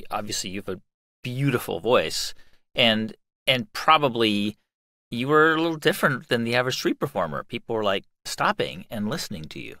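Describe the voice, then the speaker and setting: Male interview host, bright forceful voice, dry close sound. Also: medium pitch, big pitch swings, fairly quick, no room sound. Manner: gives context, short affirmations. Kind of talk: casual interview chat.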